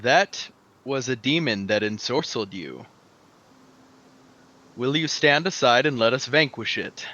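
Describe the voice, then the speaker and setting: A man plays his character in a tabletop game, slow and grand, his pitch rising and falling a lot. His voice is bright but a little dull and lo-fi, as if through a cheap mic. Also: lively intonation. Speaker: player. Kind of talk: in-character tabletop role-play.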